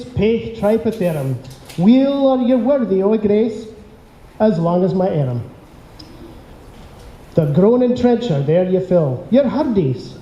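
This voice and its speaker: A Scottish-accented man leads a dinner audience and recites verse with rolling, theatrical declamation. His voice sits high yet sounds very dark and mellow, and he takes his time. The sound carries a roomy hall echo over faint ambience. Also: highs cut off. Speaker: after-dinner speaker reciting a poem. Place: banquet hall at a dinner event.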